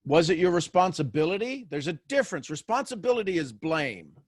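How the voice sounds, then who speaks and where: Male motivational host with a slightly high voice and dry sound. Talks straight to listeners, asks them questions and repeats phrases to drive points home. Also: big pitch swings, a little fast, dry recording. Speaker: host of a daily motivational show. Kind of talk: live motivational talk to listeners.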